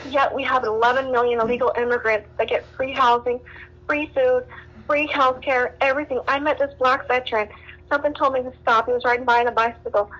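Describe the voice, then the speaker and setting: A woman's voice: sits high, steady tone, brisk, fairly bright tone, highs cut off. A woman from Southern California calling in to a radio talk show, upset and rambling with many fillers and restarts. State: distressed. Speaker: caller.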